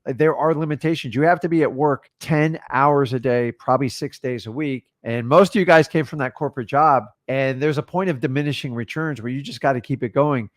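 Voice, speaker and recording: A man's voice: mid-range voice, a little fast, hardly any pauses, dry recording, studio quality. A man co-hosting a casual livestream chat, coaching in a blunt, emphatic, motivational way. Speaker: co-host and wholesaling coach.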